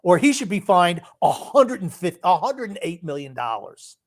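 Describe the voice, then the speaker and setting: A man's voice: high-pitched, very animated, moderate pace. A man co-hosting a sports podcast, giving blunt, grumpy opinions in casual chat. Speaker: podcast co-host.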